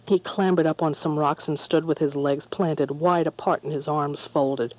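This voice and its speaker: A narrator reading a children's story aloud in a calm, measured way. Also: mid-range voice, no echo, rough recording.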